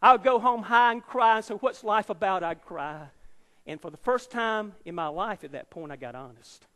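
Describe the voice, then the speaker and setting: A high-pitched male evangelist in his fifties preaches his testimony through dramatic, emphatic storytelling, animated and sharp in tone at a moderate pace. His voice rings through a large auditorium with a long, trailing reverb.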